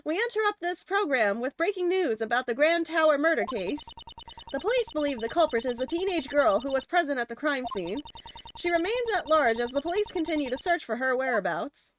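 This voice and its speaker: A woman's voice: sits high, animated, a little fast, a little hiss or hum, low-quality recording. A woman reading a formal news announcer. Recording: lofi music playing behind.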